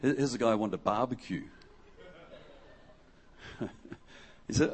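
A husky-voiced man from Western Australia preaches in a relaxed, joking way to a congregation in a church hall. His comes through as he chats with the crowd. He acts out the words of the people in his stories. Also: medium pitch, measured pace. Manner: jokey and conversational, acts out quotes. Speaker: guest preacher. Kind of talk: lively sermon with audience interaction.

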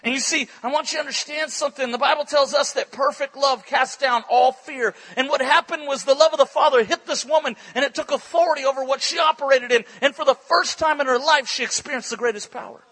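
A male preacher telling a story in an animated, excitable sermon at a church conference, breaking into bursts of shouting. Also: very high voice, fast talker, hardly any pauses, low-quality recording.

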